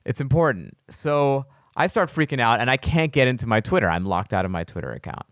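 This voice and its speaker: A comedian telling a story in casual podcast chat, acting out the other people's voices with big jumps in pitch. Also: male voice, animated, a little fast, fairly bright tone, no echo. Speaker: comedian guest.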